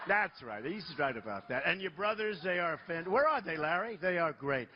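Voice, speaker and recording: A presidential candidate speaking at a campaign rally, telling rambling, boastful stories in a conversational way. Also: male voice, high-pitched, very animated, moderate pace, dull audio, noisy background. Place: large rally venue.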